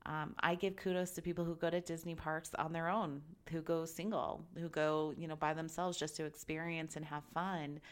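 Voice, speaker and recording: Woman, 30s, lowish voice, casual chatty parent, animated and quick to laugh. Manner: chatty, animated, laughs often, self-correcting. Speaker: parent giving travel advice. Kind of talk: casual chat.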